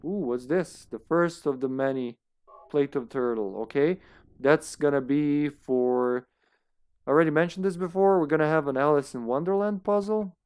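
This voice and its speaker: A man streaming a horror game, talking casually to himself as he plays, often trailing off into quiet mutters. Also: on the high side, normal speed, clean tone. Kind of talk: casual gameplay commentary.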